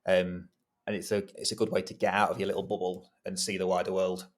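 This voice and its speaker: Male podcast guest, low and steady, relaxed self-deprecating chat. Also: fast talker. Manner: chatty, self-deprecating, laughs easily. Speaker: guest, freelance copywriter. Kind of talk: casual podcast interview.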